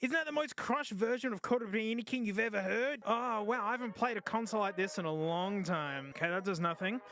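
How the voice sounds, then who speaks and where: A man's voice: sits high, brisk, pushed and bright. A man doing casual, jokey live-stream gaming commentary, yelping and groaning at the game as he plays.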